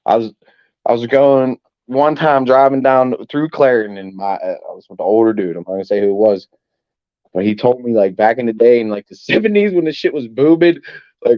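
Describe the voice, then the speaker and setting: A man's voice: medium pitch, no room sound. A man hosting a casual sports-fan livestream, rambling and swearing as he answers chat, with frequent coughs. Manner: rambling, profane, coughs often. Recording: dull, dry home mic.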